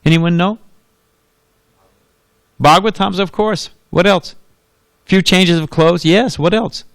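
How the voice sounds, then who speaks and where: Storytelling monk, dry close sound. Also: male voice, high voice, slow, dry recording. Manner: anecdotal, asks the audience questions, laughs often. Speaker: monk giving a temple lecture. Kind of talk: storytelling sermon.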